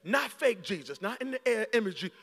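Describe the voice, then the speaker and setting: High-voiced, fiery pastor preaching. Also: male voice, normal speed. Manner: animated, storytelling, builds to shouting. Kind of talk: sermon. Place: church sanctuary. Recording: long hall reverb in church.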